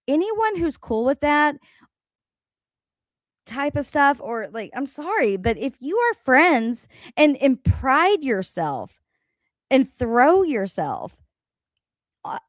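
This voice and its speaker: A woman's voice: sits high, dry recording. A woman hosting a casual livestream, ranting bluntly with lots of swearing and laughter, reading out chat comments. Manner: profane, blunt, laughing often. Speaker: livestream host. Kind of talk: casual live-stream rant.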